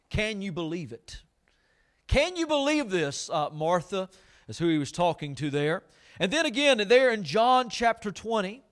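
A man preaching a sermon as pastor at a church service, fervent and emphatic, slowing down to read scripture with deliberate weight and asking the congregation for amens. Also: high voice, fairly bright tone. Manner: reads scripture slowly and deliberately.

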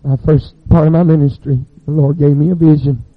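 A man, preaching a sermon as a fervent storyteller with dramatic pauses. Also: a little high, steady tone, no room sound, phone-quality sound.

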